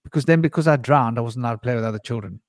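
A man's voice: mid-range voice, racing, no echo, studio quality. A man hosting a candid conversation, telling long rambling personal stories full of asides and restarts. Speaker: podcast host.

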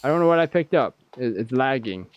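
Excitable jokey male gamer narrating play, very lively pitch. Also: a little fast, clean tone. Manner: excitable, jokey, talks to himself. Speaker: game streamer. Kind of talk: let's play commentary.

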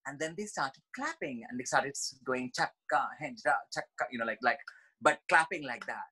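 A man's voice: medium pitch, expressive, normal speed, sharp tone, slight background noise, poor audio. A man from India, a dancer guest on a podcast, telling stories expressively with many fillers and restarts. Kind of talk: casual interview storytelling.

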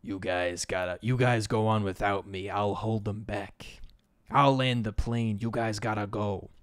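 A man voicing a gruff, world-weary old male soldier who talks slowly. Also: lowish voice, fairly even intonation, no room sound, studio quality, lightly acted. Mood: weary resolve.

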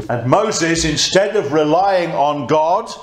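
A man's voice: on the high side, lively intonation, slow pace. A man preaching a conversational sermon and reading scripture aloud. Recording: echoey church room.

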